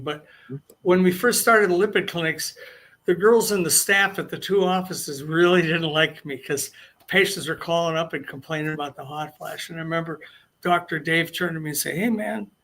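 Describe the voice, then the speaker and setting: A man's voice: a little high, fairly even intonation, normal speed, pushed and bright. An older man telling long anecdotes as an interview guest, rambling and restarting his sentences. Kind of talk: casual storytelling interview.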